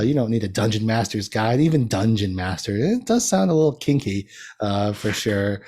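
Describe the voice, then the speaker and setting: A man's voice: fairly low pitch, warm tone. A man as a podcast guest, chatting casually in a rambling way and laughing often at himself. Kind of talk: casual chat.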